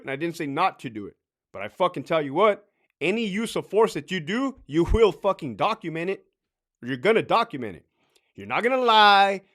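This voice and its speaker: A man's voice: a little high, a bit bright. A man who used to be a correctional officer, giving blunt, profane advice in a casual talk and ending many points with "right?".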